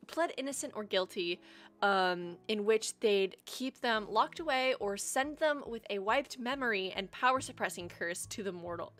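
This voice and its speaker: A woman's voice: medium pitch, a bit bright. Chatty young woman streamer. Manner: chatty, rambling, frequent ums. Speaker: livestream host. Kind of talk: casual live-stream chat. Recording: faint music behind.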